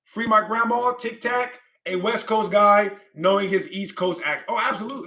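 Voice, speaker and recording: A high-pitched man with a bright, forceful voice chats casually on his livestream. He rambles, repeats himself and laughs often while reading comments from viewers, speaking into a desk microphone. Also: normal speed. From California. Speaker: livestream host.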